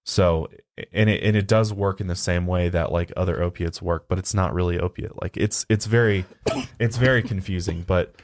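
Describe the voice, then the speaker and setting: A man co-hosting a podcast in a relaxed, rambling way, full of "you know" and "um". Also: low voice, normal speed. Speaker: podcast co-host. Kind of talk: casual podcast chat.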